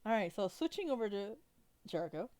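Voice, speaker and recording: A woman narrating a tabletop role-play game as game master, rambling with many pauses and restarts. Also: mid-range voice, sing-song, a little mellow.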